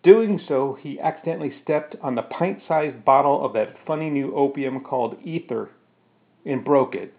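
A man with a medium-pitched voice and moderate pace reads his own first-person story, then shifts to explaining it casually with plenty of fillers. The audio sounds narrow, like it came through a phone.

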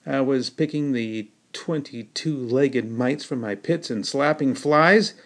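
A man reads his own novel aloud for his podcast at an unhurried pace. His delivery is folksy and storytelling in manner, settled in a middle pitch. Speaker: podcast host and author.

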